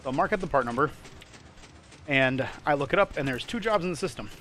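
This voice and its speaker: A man's voice: fairly high pitch, expressive, fairly quick, a bit bright. Guy hosting a game stream, cussing and ranting about work, casual storytelling. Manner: swearing, storytelling, exasperated ranting. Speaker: host of a gaming channel. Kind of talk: casual chat over gameplay.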